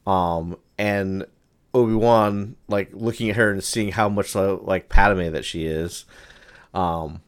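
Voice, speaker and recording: A man's voice: sits low, steady tone, takes it slowly, smooth. A man in casual chat as a podcast co-host, rambling with lots of fillers. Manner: rambling, lots of ums and likes.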